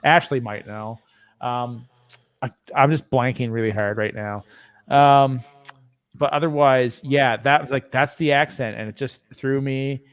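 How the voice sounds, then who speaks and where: A man's voice: mid-range voice, fairly even intonation, a little slow, clear, resonant tone, no echo. A Canadian man chatting casually on a podcast, rambling with lots of fillers and trailing off. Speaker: podcast co-host. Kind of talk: casual chat.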